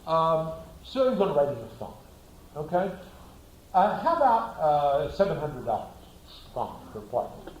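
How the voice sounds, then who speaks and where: A man's voice: on the high side, big pitch swings, a little slow, roomy sound, dull audio. A man giving a classroom lecture, asking the class rhetorical questions and acting out little scenes.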